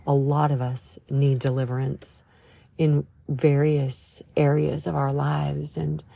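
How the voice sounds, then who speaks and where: Low gravelly woman, earnest devotional talk. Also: level tone, slow, dark tone, dry recording. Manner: earnest, emphatic and conversational. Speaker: podcast host. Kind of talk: devotional podcast monologue.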